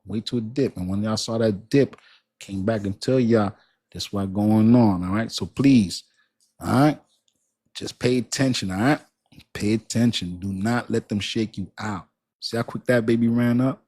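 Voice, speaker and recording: A man's voice: lowish voice, moderate pace, darkish tone. A man hosting a casual crypto livestream, talking straight to his chat in a hyped, repetitive way. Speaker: crypto channel host.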